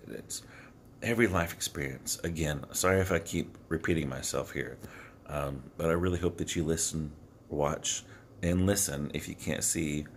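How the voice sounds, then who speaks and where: It's early, and a man speaks into a phone held near his face, his extremely deep voice rough with fry and still scratchy before any tea or water. The motivational vlog wanders as he talks earnestly but haltingly, restarting and filling gaps, while faint background noise lingers.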